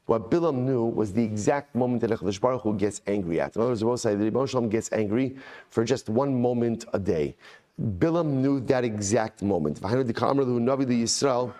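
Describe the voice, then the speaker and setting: Animated man teaching a Talmud class. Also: medium pitch, brisk. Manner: animated storytelling, mixing in Hebrew and Aramaic quotes. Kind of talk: daily Talmud class lecture.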